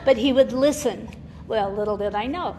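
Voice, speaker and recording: Older woman, guest speaker at a recovery meeting, candid and emotional, laughs often; gravelly voice, recorded in a hall with a long echo. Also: fairly high pitch, moderate pace, warm tone. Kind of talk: personal testimony talk. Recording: reverberant hall with faint noise.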